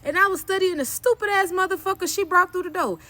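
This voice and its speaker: Bright, high-voiced woman telling a blunt story. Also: fast talker. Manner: blunt, profane and emphatic, often cursing; animated retelling with sharp jumps when quoting herself. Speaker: vlogger telling a personal story. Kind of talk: candid storytime vlog.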